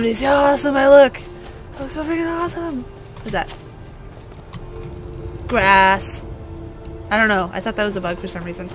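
A woman hosting a let's play, giving silly, excitable gameplay commentary and bursting into yells. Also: mid-range voice. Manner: excitable, silly, prone to sudden yelling.

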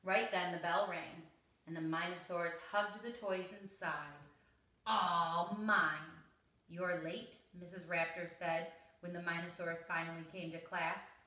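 A woman reading a rhyming picture book aloud to children in a slow, expressive, rhythmic way. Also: fairly low pitch. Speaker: story reader. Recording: roomy echo, mic at a distance.

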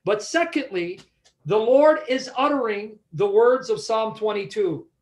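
A man's voice: high-pitched, lively intonation, measured pace. A man teaching a Bible study, emphatic and repeating questions to check that his listeners follow.

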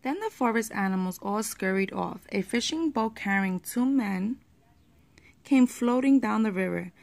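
A woman reading a children's picture book aloud at a steady pace, with the odd small slip. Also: mid-range voice, a little slow, gravelly.

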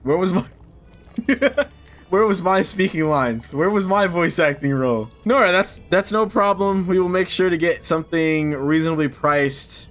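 A young man chats casually while playing a horror game, joking and riffing on the dialogue. His voice sits high, with faint game music in the background. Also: expressive, moderate pace, a bit bright. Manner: joking, reads game lines aloud in playful voices. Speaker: gaming streamer. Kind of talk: casual let's play commentary.

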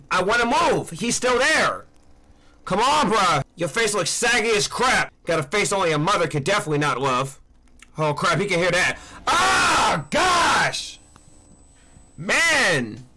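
Young male gamer, high, lively and bright, shouts and trash-talks through horror game commentary. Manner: excitable, yelling at the screen, trash-talking. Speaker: gaming YouTuber. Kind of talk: let's play commentary.

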